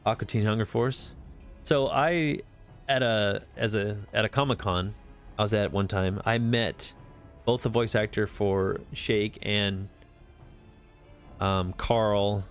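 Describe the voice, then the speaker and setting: A man streaming a game, chatting casually in a rambling, profane way full of fillers. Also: on the low side. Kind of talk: casual live-stream chat.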